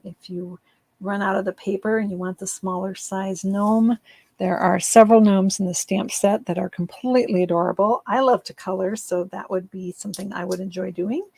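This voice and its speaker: A woman's voice: mid-range voice, vocal fry, slightly rough, no echo. A woman demonstrating card making in a casual live craft session, chatty and rambling, with frequent ums and laughs at her own slips.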